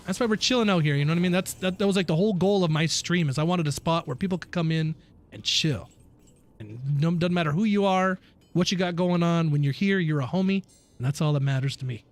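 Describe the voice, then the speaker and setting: High, lively ranting male streamer. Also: quick pace. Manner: animated, profane, ranting, laughs often. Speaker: game streamer. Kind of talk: casual livestream chat while gaming.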